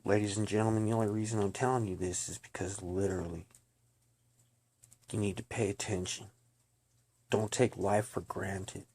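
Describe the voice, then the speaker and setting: A man's voice: fairly low pitch, steady tone, moderate pace, pauses often, darkish tone, a little hiss or hum. A man giving an earnest personal testimony, talking bluntly and slangily and addressing his listeners directly. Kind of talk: emotional personal testimony to camera.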